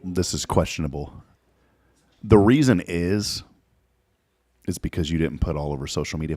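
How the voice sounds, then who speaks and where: A man's voice: low voice, very animated, moderate pace, darkish tone, no room sound, studio quality. A man hosting a morning show in a casual, playful chat, laughing often.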